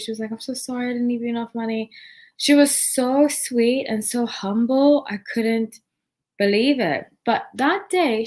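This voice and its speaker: A woman in her thirties, a channel host, telling a meandering story casually to her viewers. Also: medium pitch. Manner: meandering, chatty, digressive.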